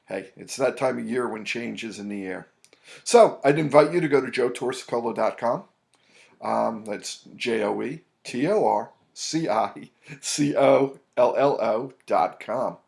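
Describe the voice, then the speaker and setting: A man's voice: mid-range voice, unhurried, vocal fry, darkish tone. A man, an anxiety coach, talking loosely to camera in a casual advice monologue, rambling with many fillers and restarts. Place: New York City.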